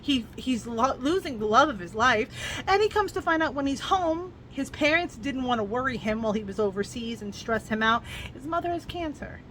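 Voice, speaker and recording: A woman's voice: high voice, animated, normal speed, a bit bright, a little hiss or hum. A woman talking through a novel's plot in a casual book review vlog, earnest and emotional as she retells it.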